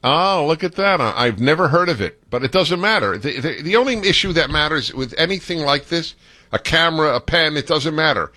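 A man's voice: a little high, lively intonation, a little fast, sharp tone, dry recording. A man hosting a call-in radio talk show, talking in a playful, theatrical, opinionated way.

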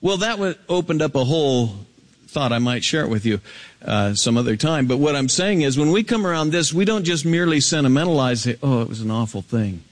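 A man preaching a Bible sermon, jumping up to high, ringing emphasis and dropping low and quiet, stretching key words slowly. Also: expressive. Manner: swings between soaring high emphasis and low hushed reading. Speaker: pastor. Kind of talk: expository sermon.

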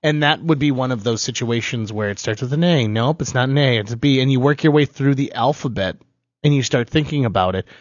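A man's voice: mid-range voice, fairly quick, no room sound, muffled recording. A man co-hosting a casual talk show, teasing his co-host playfully. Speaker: radio co-host. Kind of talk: casual on-air chat.

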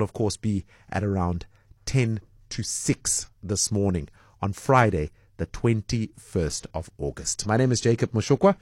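A man's voice: lowish voice, darkish tone, husky, no room sound, studio quality. A man hosting a breakfast radio call-in show, chatting and reading out listener messages with plenty of ums and uhs. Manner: chatty, reads out listener messages with many fillers.

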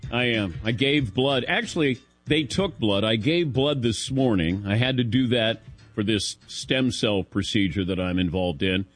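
A middle-aged man hosting a sports talk show, telling a self-deprecating story in a casual, animated way into a studio mic. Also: fairly low pitch. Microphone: studio broadcast mic.

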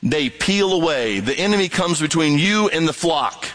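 A man's voice: a little high, normal speed, soft background music, low-quality recording. A male pastor preaching a sermon, reading scripture and acting out little voices and sounds to make his point. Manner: animated, acts out voices and alarm sounds.

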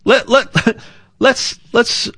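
Slow, rambling man pitching gold. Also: fairly even intonation, fairly bright tone, husky, no echo, studio quality. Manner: rambling, repeats words, jokey asides. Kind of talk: casual promotional talk.

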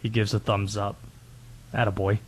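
Animated sports radio host, man. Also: lowish voice, normal speed, a little hiss or hum. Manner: animated, opinionated, chatty.

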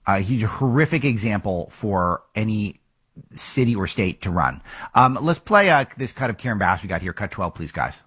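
A man's voice: fairly low pitch, sing-song, moderate pace, a bit bright, husky. A man hosting a political talk show, giving emphatic commentary full of rhetorical questions.

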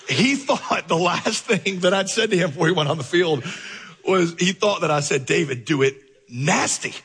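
A male pastor telling a lively story in a sermon, acting out the voices in his dialogue. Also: high-pitched, moderate pace, breathy edge, long reverb tail.

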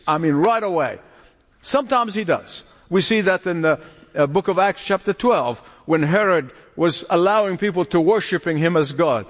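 A man's voice: sits high, in a large hall. A man preaching a sermon as pastor, emphatic, repeating key phrases and chuckling between points.

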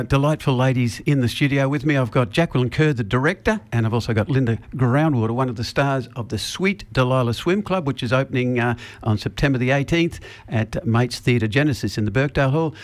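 A man hosting a casual radio interview in a studio, who pauses often with ums and restarts. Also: medium pitch. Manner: hesitant, many ums and restarts. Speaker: radio host.

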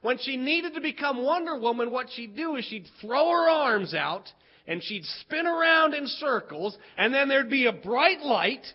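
A man from West Virginia telling a childhood story in an animated, playful way, with drawn-out pauses. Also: very high-pitched, lo-fi sound.

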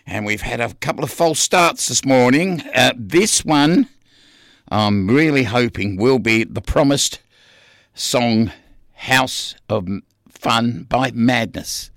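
A man's voice: mid-range voice, lively intonation, slow pace, a bit bright, no room sound. A man presenting the weather and chatting casually on community radio from a studio microphone. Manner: chatty, self-deprecating. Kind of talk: casual breakfast radio patter.

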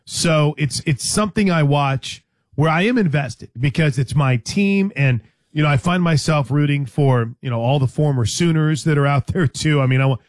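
A man's voice: on the high side, moderate pace, no room sound. Conversational male sports radio host, dry studio. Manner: conversational, hesitant restarts, teasing. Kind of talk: casual sports talk.

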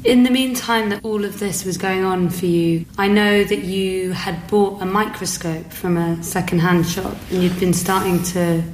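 A woman interviewer asking gentle, empathetic questions. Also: mid-range voice, fairly even intonation, moderate pace, few pauses. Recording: roomy echo, faint hiss.

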